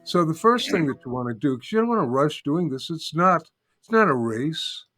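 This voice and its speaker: A calm older man gently walks the listener through a humming exercise, repeating each step and humming notes to show how it's done. His voice sits a little high for a man, and soft music plays faintly behind him. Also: normal speed. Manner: calm, patient, repeats steps and demonstrates by humming. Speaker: sound healing teacher, guest. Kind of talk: guided instruction in an interview.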